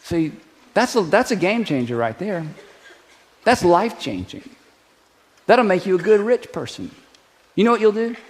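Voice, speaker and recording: A man's voice: high-pitched, very animated, normal speed, long pauses. A middle-aged male pastor giving a conversational, joking sermon. He piles up rhetorical questions and leads the congregation in a spoken declaration.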